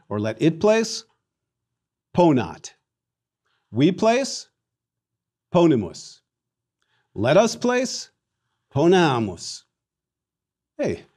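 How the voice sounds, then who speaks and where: This recorded Latin lesson features a man whose voice sits on the high side. An animated, theatrical teacher, he drills the class with repetition.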